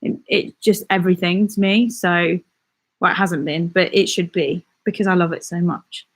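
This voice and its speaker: A woman's voice: lowish voice, fairly even intonation, moderate pace. A young woman from England chatting casually on a live stream as a vlogger, bubbly and reading viewer comments aloud.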